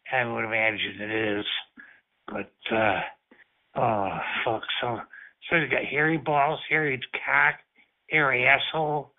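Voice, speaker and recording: A man on a chatline call, talking slowly and emotionally, rambling and moaning. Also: medium pitch. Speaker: chatline caller. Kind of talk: explicit phone chat. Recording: tinny phone line.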